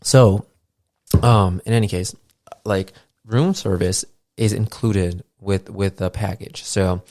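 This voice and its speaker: A man's voice: lowish voice, takes it slowly, darkish tone, dry recording, studio quality. A man in his thirties hosting a podcast, chatting loosely with lots of fillers and casual swearing. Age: 30s. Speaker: podcast host. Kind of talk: casual rambling monologue. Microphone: podcast mixer setup.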